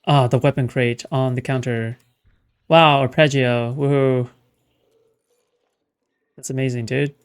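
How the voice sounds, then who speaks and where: A man's voice: mid-range voice, steady tone, unhurried, pauses often, clean tone. A man streaming a game live, ranting sarcastically and swearing as he plays. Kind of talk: live gameplay commentary.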